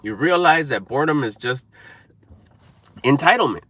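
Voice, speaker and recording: A man's voice: fairly high pitch, expressive, normal speed, fairly bright tone, no echo. A man giving an emphatic, repetitive motivational talk to camera, coaching viewers. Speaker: motivational speaker.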